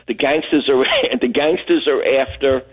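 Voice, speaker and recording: A man's voice: medium pitch, moderate pace, breathy edge. A middle-aged man from Brooklyn, calling in to a radio show and telling a long, rambling story, acting out the lines of the people in it. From Brooklyn, New York. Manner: rambling, anecdotal, acts out other people's lines. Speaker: caller. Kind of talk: phone-in storytelling. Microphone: telephone. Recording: tinny phone line.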